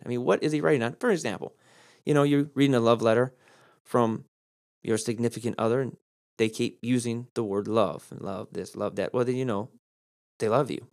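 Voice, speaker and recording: A man teaching the Bible on his podcast in a casual, conversational way, jumping up in pitch to stress points. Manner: conversational, animated pitch jumps for emphasis.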